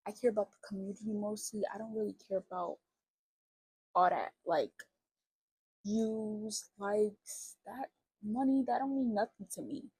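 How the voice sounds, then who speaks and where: A woman's voice: mid-range voice, warm tone, husky, no echo, poor audio. A young woman YouTuber talking in a rambling, conversational way to her channel. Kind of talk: casual vlog talk.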